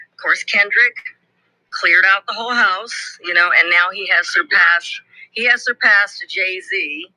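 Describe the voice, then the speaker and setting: A man with a high, bright voice co-hosts a podcast, running through news in a chatty way. The sound is close and dry. He keeps things brisk and easygoing. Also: no echo, low-quality recording. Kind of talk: casual news chat.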